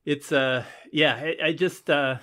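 A man's voice: on the high side, fairly even intonation, pushed and bright. Rambling American man, podcast chat. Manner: rambling, halting, many restarts. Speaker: podcast co-host. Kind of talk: casual chat.

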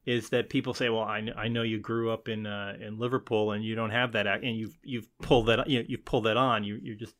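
An American man co-hosting a podcast, talking in a rambling, halting way with many restarts. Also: lowish voice, little pitch movement, fairly bright tone. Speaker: podcast co-host. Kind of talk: casual chat.

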